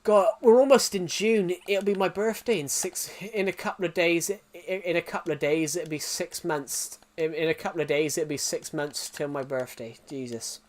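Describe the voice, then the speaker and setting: A man's voice: fairly high pitch, normal speed, few pauses. Rambling young man live-streaming games. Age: 20s. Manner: rambling, with frequent restarts and repeats. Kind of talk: casual live-stream chat.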